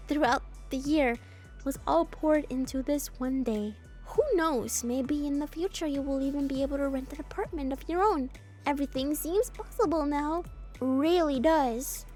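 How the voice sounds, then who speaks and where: Woman streamer, high and bright-toned, reads a story game aloud with playful asides; soft music under her. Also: normal speed. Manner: playful, expressive, jokes at her own reading.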